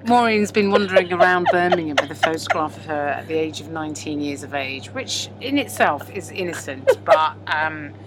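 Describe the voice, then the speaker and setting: A young woman comedian with a low voice and lively intonation chats casually as a podcast co-host, at a moderate pace with few pauses. Self-mocking and quick to laugh, she was recorded on a moving train at night, with train sounds behind her.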